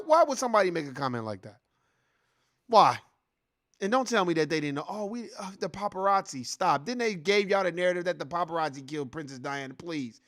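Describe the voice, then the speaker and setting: A man rants through a reaction commentary in a high, lively voice that leaps up and down. He is heated and profane. He keeps circling back to the same points. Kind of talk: casual ranting commentary.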